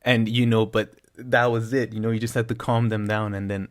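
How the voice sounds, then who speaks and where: A man's voice: fairly low pitch, level tone, a little fast. A man co-hosting a casual news discussion, talking loosely and chattily with lots of "like" and "I mean.". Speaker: co-host of a news discussion show. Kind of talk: casual political chat.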